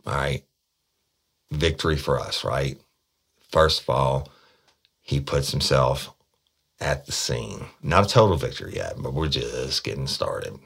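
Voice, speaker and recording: A man's voice: extremely low pitch, animated, unhurried, creaky, long pauses, fairly bright tone, husky. A middle-aged man, telling a case story bluntly and profanely, with frequent stammered restarts. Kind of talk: casual spoken storytelling podcast.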